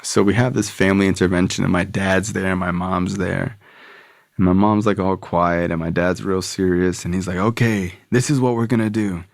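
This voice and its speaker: A man's voice: sits low, flat delivery, normal speed, creaky, dry recording, studio quality. A man guesting on a podcast, telling his own story candidly, with profanity and frequent "like" and "you know". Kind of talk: personal storytelling.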